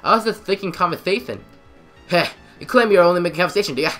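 A man voicing a grandiose, self-important male detective, reading the game's dialogue louder and higher than his own voice. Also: animated, quick pace, soft background music. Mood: pompous. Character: bold theatrical male detective.

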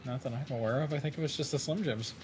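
A man's voice: medium pitch, quick pace, a loud crowd. A man co-hosting a let's play, explaining game mechanics and joking loosely and crudely. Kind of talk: casual gaming banter.

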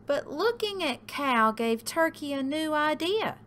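A woman reading a picture book aloud for a library story time, in an expressive sing-song storytelling manner with big leaps for the animals. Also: sits high, unhurried, slight background noise.

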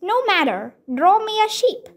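A woman's voice: very high-pitched, very animated, measured pace, voice pushed up, full character voice. A woman reading a children's audiobook aloud and voicing a tiny boy prince from another world who is earnest, insistent and politely pleading.

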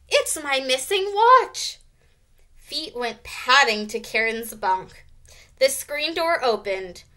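Slow, bright-voiced woman teacher reading aloud. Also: a little high. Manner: slow, expressive storytelling. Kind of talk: read-aloud narration.

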